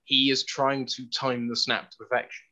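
A man's voice: mid-range voice, little pitch movement, normal speed, pushed and bright, low-quality recording. A man co-hosting a sports podcast, explaining his analysis in careful detail. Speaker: podcast co-host.

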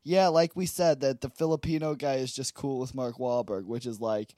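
A man's voice: mid-range voice, steady tone, moderate pace, dark tone, no room sound, studio quality. A young man co-hosting a comedy podcast, crude and rambling, laughing through casual banter. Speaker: podcast co-host.

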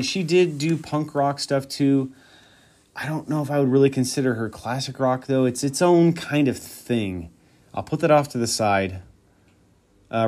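A man's voice: medium pitch, darkish tone. A man hosting a solo podcast, rambling and thinking aloud in a casual, profane way. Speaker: podcast host.

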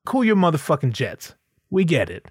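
Profane ranting man, fairly high voice. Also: huge pitch swings, moderate pace, breathy edge, no echo, clean studio sound. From United States. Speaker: podcast host. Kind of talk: comedic rant.

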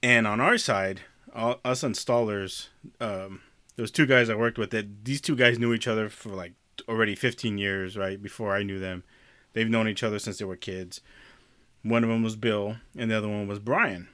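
Bright-voiced, easygoing male storyteller. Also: on the low side, fairly even intonation, moderate pace, no echo. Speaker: podcast co-host. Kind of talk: casual storytelling chat.

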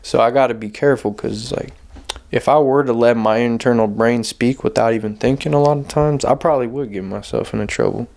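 Young guy on his podcast, rambles a lot, swears constantly, says like and man every few words, mid-pitched voice. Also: a little fast, gravelly, a little mellow. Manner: rambling, profane, heavy on "like" and "man". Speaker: podcast host. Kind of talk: casual monologue.

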